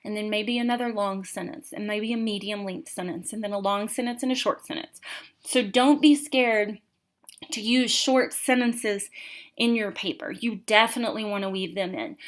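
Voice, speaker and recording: A woman in her twenties or thirties giving a recorded college writing lecture, reading example passages aloud with expressive rhythm and emphasis. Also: medium pitch, moderate pace.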